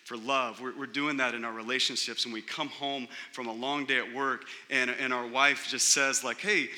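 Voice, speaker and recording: A middle-aged man, a pastor, preaching a sermon in a casual, animated way, often saying "like" and "right?". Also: medium pitch, moderate pace, in a large hall.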